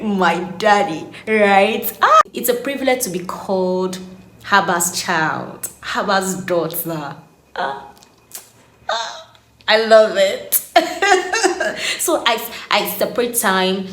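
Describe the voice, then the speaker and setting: A woman in her late twenties, an animated faith vlogger who laughs often as she shares her story. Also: mid-range voice, unhurried. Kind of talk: casual devotional vlog. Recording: echoey room, faint background hum.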